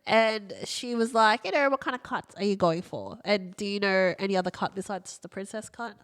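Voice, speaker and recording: A woman's voice: medium pitch, moderate pace, fairly bright tone. A woman with a stuffy, nasal voice chatting on a podcast. She tells her story in a loose, casual way, full of "like" and little asides. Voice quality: nasal, blocked nose. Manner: chatty storyteller, frequent "like" and laughs. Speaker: podcast co-host. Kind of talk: casual chat.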